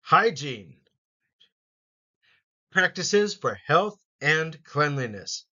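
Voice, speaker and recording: A man teaching an English vocabulary lesson, saying each word slowly and clearly for learners to repeat. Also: on the high side, expressive, sharp tone, muffled recording. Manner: slow, deliberate word-by-word pronunciation.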